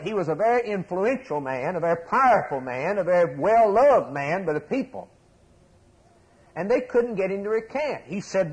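A man preaching a sermon, telling the story with passion, rising to loud emphasis and dropping to low, hushed asides. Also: breathy edge, low-quality recording.

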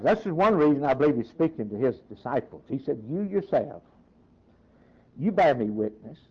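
A man's voice: medium pitch, big pitch swings, normal speed, darkish tone, breathy edge. Man preaching a sermon, lo-fi. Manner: reads scripture aloud, then preaches in short emphatic phrases. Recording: dull lo-fi recording.

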